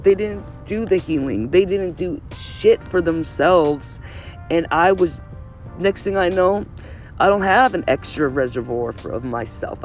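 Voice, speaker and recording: High-voiced man venting in a vlog. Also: a little mellow. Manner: emphatic, repetitive, swears freely. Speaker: vlogger. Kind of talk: candid personal monologue.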